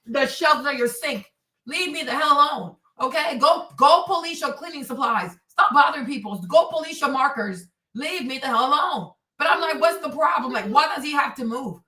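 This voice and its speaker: Woman streamer, high bright voice, heated cursing rant, roomy sound, distant from the mic. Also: expressive, moderate pace. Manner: angry, profane, repetitive ranting. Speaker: livestream host. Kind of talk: heated livestream rant answering chat. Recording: echoey room, voice off-mic.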